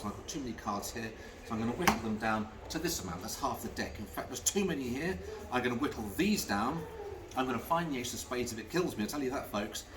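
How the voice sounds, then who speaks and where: This magician's mid-range voice comes from off the mic, distant, with background noise and music behind it. He chats through his card tricks as storytelling patter, adding dry jokes at his own expense.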